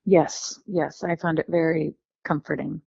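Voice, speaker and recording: A woman from California, a guest telling her life story in a lively, warm way, acting out the voices of the people she quotes. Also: deep voice, unhurried, vocal fry, husky, no echo, dull audio.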